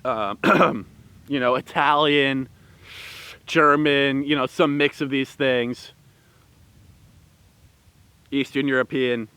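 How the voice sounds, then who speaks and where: A man's voice: medium pitch, fairly even intonation, slow, pauses often, pushed and bright, smooth, no echo. A man giving a rambling, heated opinion commentary with many fillers and restarts. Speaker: vlogger.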